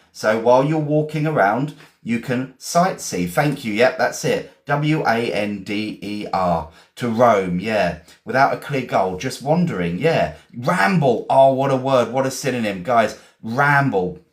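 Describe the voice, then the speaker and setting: A man from England with an English accent, teaching vocabulary in a chatty, encouraging way, repeating and spelling words slowly. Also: mid-range voice, lively intonation, roomy sound. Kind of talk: live-streamed vocabulary lesson.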